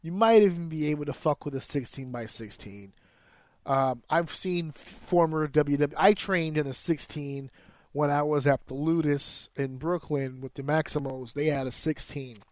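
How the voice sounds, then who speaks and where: A man's voice: a little high, moderate pace, no room sound. A man, a wrestler hosting a podcast, explains in a casual, profane monologue, counting out rhythms with sound effects.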